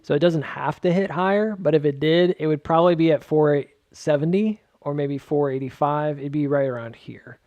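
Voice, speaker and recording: A man's voice: on the high side, steady tone, moderate pace, hardly any pauses, a little mellow, dry recording, highs cut off. A man casually walking through stock charts, rambling with joking asides and lots of filler words. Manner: filler-heavy, many "like"s. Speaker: market charting host.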